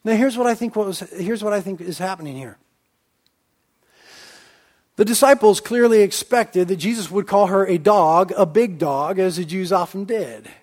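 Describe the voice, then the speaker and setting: A man preaching a sermon, explaining in a reflective way and often dropping into a softer voice. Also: high-pitched, normal speed.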